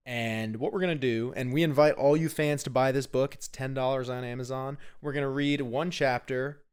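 A man co-hosting a casual sports podcast, pitching segments and teasing his co-host. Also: steady tone, moderate pace, clean tone. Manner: upbeat, promotional, teasing. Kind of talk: casual chat.

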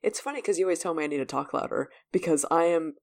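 A chatty woman co-hosts a podcast and laughs often, with "like" all through her talk. Her voice is very deep for a woman, with a gravelly fry running through it. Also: fast, darkish tone. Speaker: podcast co-host. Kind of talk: casual chat.

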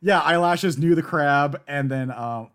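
A man's voice: fairly high pitch, smooth. A man co-hosting a podcast, chatting casually and jokily as he recaps an anime. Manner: animated, jokey, quick to laugh. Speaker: podcast co-host.

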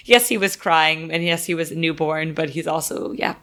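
A woman in her thirties, a podcast co-host, chatting casually about baby sleep, quick and laughing often. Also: low-pitched, a bit bright.

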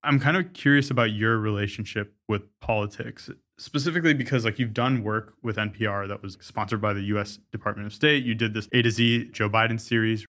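A man's voice: on the low side, a little fast, hardly any pauses, fairly bright tone. A man interviewing a guest, asking thoughtful questions and hedging his points. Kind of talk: casual interview conversation.

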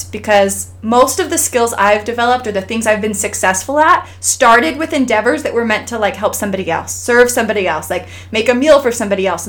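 A woman from Idaho co-hosting a podcast, talking earnestly and encouragingly in casual chat, with many restarts and fillers. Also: medium pitch. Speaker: podcast co-host.

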